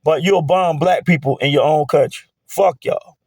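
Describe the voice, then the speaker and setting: A man's voice: on the high side, normal speed, darkish tone, slightly rough, no room sound. A man in his forties, host of his own talk show, delivering a blunt, heated, profane casual monologue. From United States.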